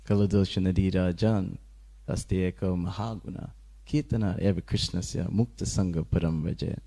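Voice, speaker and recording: A man with a low voice, speaking at a moderate pace, gives a casual scripture class in a temple. He tells an animated story, laughing often and acting out the voices of those he quotes.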